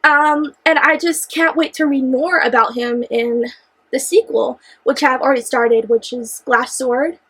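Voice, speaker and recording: High-voiced young woman gushing about a book. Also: fairly even intonation, unhurried, fairly bright tone, slightly rough, low-quality recording. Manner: gushing, exclamatory, repeats herself when worked up. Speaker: book reviewer. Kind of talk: excited casual book discussion.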